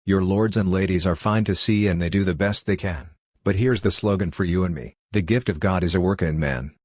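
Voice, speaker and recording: A coarse working-class poet declaiming verse in a hard, brassy, flat voice, as a man reads him. The voice sits low and deep, and the sound is dry and close. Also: fairly quick, dry recording. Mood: reciting.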